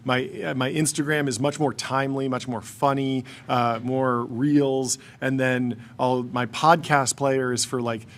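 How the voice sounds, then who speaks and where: A man co-hosting a podcast who asks long questions and jumps in with quick agreement. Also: mid-range voice, fairly even intonation. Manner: eager, lots of quick agreement. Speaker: podcast co-host. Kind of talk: casual podcast interview.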